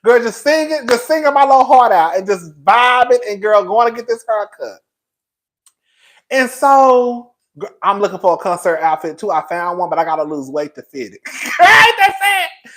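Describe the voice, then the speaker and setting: A man, telling stories on his own vlog in a loud, sassy and profane way, laughing often. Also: sits high, normal speed. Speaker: YouTube commentary host. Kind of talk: casual storytelling vlog.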